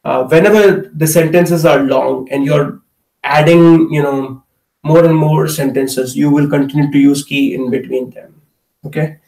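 A man's voice: fairly high pitch, fairly even intonation, unhurried, gravelly, a little mellow. A man teaching a live online Hindi class, explaining with many fillers and checking in with "okay" as he goes. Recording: echoey room, mic at a distance.

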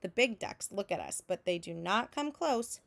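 A woman teacher reading a picture book aloud to children in a slow, clear storytelling manner, making sound effects with her voice between lines. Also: mid-range voice, expressive, a bit bright. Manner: adds vocal sound effects between narration.

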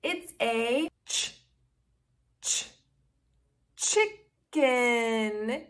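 A woman hosting a toddler learning video, speaking slowly and sounding out words in an exaggerated teaching manner. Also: fairly high pitch, expressive, fairly bright tone. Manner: slow, exaggerated, sing-song teaching to toddlers. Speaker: children's educational video host. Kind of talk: toddler speech lesson.

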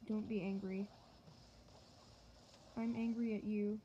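A woman giving joking let's-play commentary to her viewers, excitable and yelping at the game. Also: mid-range voice, slow, long pauses, breathy edge, lo-fi sound. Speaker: gaming channel host.

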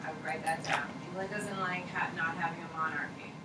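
A woman's voice: low voice, steady tone, fairly quick. Woman teacher lecturing a class from afar. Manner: casual, joking, repeats key points for note-taking. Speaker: high school history teacher. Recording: echoey classroom from far off, noisy.

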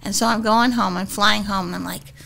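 A woman guest on a podcast, telling stories in an animated, giggly way and acting out what people said. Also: mid-range voice, a little fast, vocal fry. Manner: giggly, acts out quotes. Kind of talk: animated storytelling.

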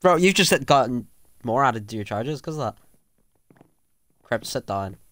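A man cracking quick, mocking one-liners in a game roleplay court. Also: mid-range voice, animated, fairly bright tone, dry recording.

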